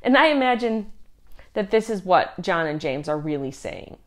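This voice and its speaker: A woman's voice: medium pitch, animated, moderate pace. A woman teaching a youth group in an earnest, conversational way, reading scripture aloud along the way.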